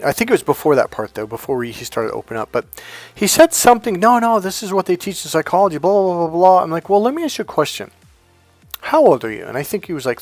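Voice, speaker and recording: A man talking as a life coach, telling a story casually and acting out the dialogue with lively changes in voice. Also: medium pitch, no room sound. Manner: animated, acts out quoted dialogue.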